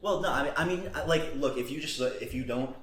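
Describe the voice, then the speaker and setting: A man's voice: on the high side, a little fast. A man co-hosting a casual podcast chat, trading dry jokes with his co-host. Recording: echoey room with faint noise.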